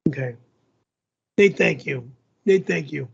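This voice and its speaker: A man's voice: a little high, takes it slowly, creaky, husky, highs cut off. A man hosting a live stream, reacting indignantly to viewer messages and stammering as he answers them. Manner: indignant, flustered, repeats and stammers. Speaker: livestream host.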